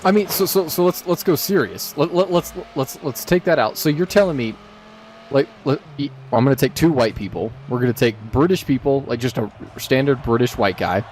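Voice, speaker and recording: A man in casual chat with friends during an online game, heated and quick to swear as he argues his point. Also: mid-range voice, a little hiss or hum. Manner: heated, animated, heavy swearing. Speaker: gamer chatting while playing.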